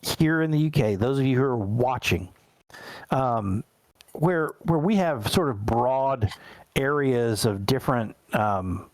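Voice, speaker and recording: A middle-aged man runs a tabletop game in an unhurried, meandering way. He restarts his sentences often and leans on fillers. The sound is dry and close, with no room echo. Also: mid-range voice. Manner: rambling, with many fillers and restarts. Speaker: game master.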